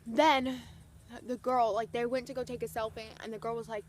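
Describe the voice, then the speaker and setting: A young woman vlogger gushing through an excited storytime, full of "like" and retold quotes. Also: on the high side, moderate pace, noisy background. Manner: gushing, breathless retelling full of "like".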